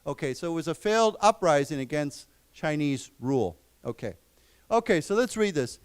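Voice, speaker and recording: A man teaching an English class, explaining words slowly and repeating them. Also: on the high side, animated, clear, resonant tone. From United States. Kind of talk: lecture. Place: library lecture room.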